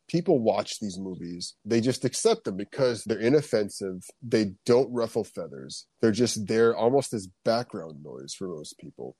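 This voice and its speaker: A man giving opinionated solo commentary, sarcastic and emphatic, his pitch jumping up sharply for emphasis. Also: mellow, dry recording. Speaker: commentary host.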